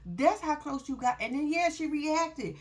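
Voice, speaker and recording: A woman giving casual, animated commentary on a reality show, laughing often and swearing freely. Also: sits high, unhurried. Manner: animated, laughing, profane, sassy.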